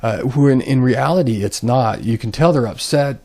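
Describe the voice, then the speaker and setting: A man's voice: mid-range voice, moderate pace, darkish tone. Rambling man giving self-help talk. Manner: rambling, many ums and restarts. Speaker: channel host.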